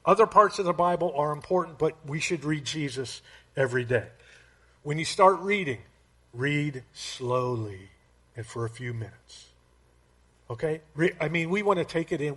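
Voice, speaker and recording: A man's voice: on the high side, lively intonation, normal speed, pushed and bright, husky. A man preaching a conversational sermon, often checking in with his listeners with "okay?" and "right?". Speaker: pastor.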